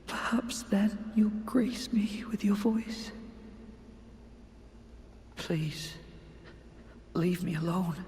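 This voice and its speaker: An actor playing a devoted man who drifts into poisoned sleep, speaking softly and languidly. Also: high-pitched, slight background noise. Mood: pleading. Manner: soft, languid, drowsy. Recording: echoey game dialogue with long reverb.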